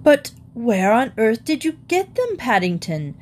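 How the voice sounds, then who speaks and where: A bluff, fussy middle-aged father from a storybook, as a woman reader puts him on. He talks in lively exclamations that jump around in pitch. A faint hum sits under the recording. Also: measured pace. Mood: alarmed.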